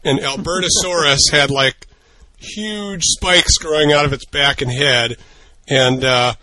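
A man's voice: on the high side, a little slow, sharp tone, no room sound, poor audio. A man co-hosting a podcast, chatting in a wry, casual way. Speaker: podcast co-host.

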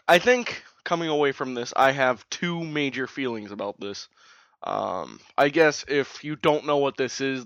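A man's voice: medium pitch, sharp tone, no echo. A man hosting a podcast, eagerly laying out his thoughts in a casual chat. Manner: eager, explaining. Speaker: podcast host. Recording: dry, dull lo-fi recording.

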